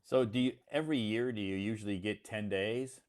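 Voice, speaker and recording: Deep-voiced American man, friendly chat. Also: darkish tone. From United States. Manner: friendly, slow and encouraging, repeats to clarify. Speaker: host. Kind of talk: casual chat.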